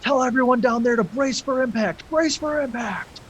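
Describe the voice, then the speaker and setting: A man's voice: on the high side, moderate pace, a little hiss or hum, natural voice. A man voicing an alarmed male ship captain who barks urgent orders in a storm.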